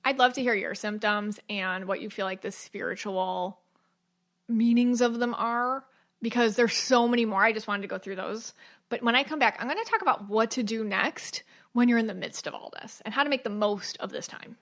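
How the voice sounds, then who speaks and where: A woman's voice: fairly high pitch, moderate pace, a bit bright. A middle-aged woman hosting a podcast, talking casually and chattily, full of "like" and "you know", acting out her own inner questions. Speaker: podcast host. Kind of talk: casual spiritual podcast monologue.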